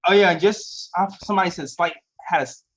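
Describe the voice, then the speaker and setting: A man's voice: sits high, fast talker. A man co-hosting a sports podcast, chatting casually and laughing often as he talks about basketball. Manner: laughs often, relaxed banter. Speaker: podcast co-host. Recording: slightly dull, lo-fi audio.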